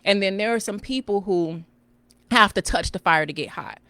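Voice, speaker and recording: A woman's voice: mid-range voice, normal speed, no echo. A middle-aged woman, a financial coach talking casually and animatedly to her viewers, calling them "girl" and "child". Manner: animated, folksy, calls listeners "girl" and "child". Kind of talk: casual live-stream talk.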